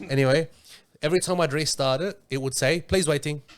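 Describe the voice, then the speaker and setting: A man's voice: on the high side, fast, clear, resonant tone. A young man chatting casually on a podcast, playful and mock-boastful, laughing as he tells stories. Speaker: podcast guest co-host. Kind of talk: casual chat.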